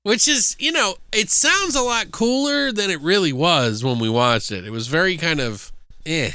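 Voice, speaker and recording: A man co-hosting a podcast, recapping a horror film in casual, animated, profane chat and acting out lines from it. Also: sits high, normal speed, clean tone, no echo, clean studio sound. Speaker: podcast co-host. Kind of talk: casual movie review chat.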